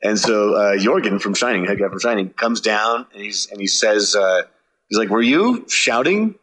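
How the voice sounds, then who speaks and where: Bright-voiced man telling a story. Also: fairly low pitch, moderate pace. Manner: animated, swearing, acts out his own yelling. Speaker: touring musician. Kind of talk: casual storytelling.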